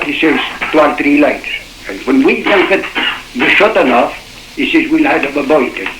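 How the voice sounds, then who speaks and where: A man's voice: fairly high pitch, a bit bright. Older Shetland man recalling on old cassette. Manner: rambling storytelling full of "he says" and quoted dialogue. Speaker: survivor telling his story. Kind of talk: oral history recollection. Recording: echoey old cassette tape with faint hiss.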